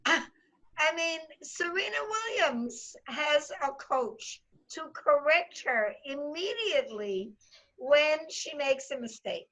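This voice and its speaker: A woman with a high voice speaks unhurriedly on an educators' panel. She builds her argument through pointed rhetorical questions. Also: expressive, slow, fairly bright tone, poor audio. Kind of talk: panel discussion.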